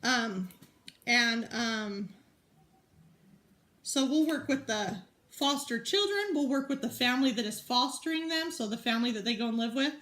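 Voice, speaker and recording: Woman vlogging while she crafts, kinda high voice, rambles with lots of um and like. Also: moderate pace. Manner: rambling, animated storyteller with many fillers. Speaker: vlogger and mom. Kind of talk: casual chatty vlog while crafting.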